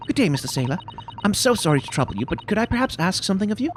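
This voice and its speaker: A man doing a soft, polite young lady. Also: high-pitched, sing-song, rapid-fire, slight background noise.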